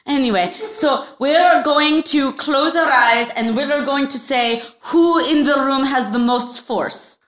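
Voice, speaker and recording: A woman's voice: high voice, slow, hardly any pauses, fairly bright tone, roomy sound. A woman hosting a comedy podcast, playfully improvising as a bachelorette and laughing often. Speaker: podcast host playing a bachelorette.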